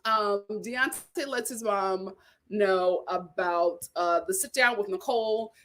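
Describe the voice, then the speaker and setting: A woman hosting a reality TV recap, talking in a lively, gossipy way with sudden exclamations and laughter. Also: mid-range voice, takes it slowly. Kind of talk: casual recap chat.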